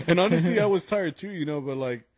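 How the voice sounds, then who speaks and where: A man's voice: fairly high pitch, expressive, fast talker, no echo. Laughing, rambling young man storyteller. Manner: laughing storyteller, heavy "like" fillers, mixes in Spanish slang. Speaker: podcast co-host and mariachi musician. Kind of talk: casual chat at a live podcast taping.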